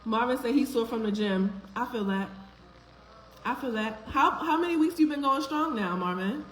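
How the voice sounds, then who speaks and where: A woman with a fairly high voice speaks at a moderate pace while hosting a live stream, chatting casually and greeting viewers one by one by name in an affectionate, upbeat way. The room is echoey, with faint background noise.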